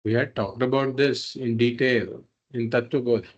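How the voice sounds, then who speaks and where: A man's voice: mid-range voice, fairly even intonation, moderate pace, muffled recording. A man teaching a spiritual philosophy class, explaining patiently and repeating points through simple examples. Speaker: Vedanta teacher.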